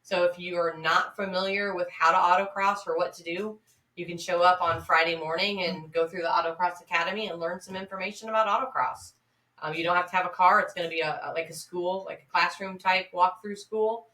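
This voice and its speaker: A woman co-hosts a casual podcast, her voice bright and forceful with a slightly low pitch. She sits back from the mic in a roomy, echoing space. She talks chattily, with frequent ums. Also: steady tone, brisk, distant mic. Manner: chatty, promotional, many fillers. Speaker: podcast co-host. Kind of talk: casual chat.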